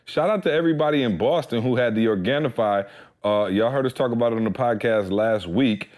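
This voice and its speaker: A man's voice: medium pitch, a little fast, a little mellow. A young man co-hosting a podcast, chatting casually in a laid-back, slangy way. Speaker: podcast co-host. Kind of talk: casual podcast chat with ad read.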